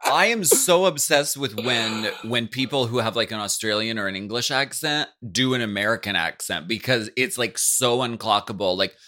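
A man appearing as a guest on a casual podcast chat, talking in an animated, enthusiastic way. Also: mid-range voice, moderate pace, few pauses.

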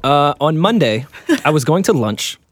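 A man's voice: fairly high pitch, lively intonation, normal speed, dry recording. A young man co-hosting a casual podcast, telling an anecdote in a laid-back, chuckling manner. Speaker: podcast co-host. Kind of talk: casual storytelling banter.

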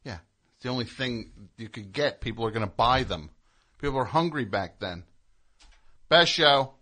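A man's voice: mid-range voice, normal speed. A man hosting a call-in comedy radio show, bantering casually and slipping into exaggerated impressions. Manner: animated, jokey, slips into exaggerated impressions.

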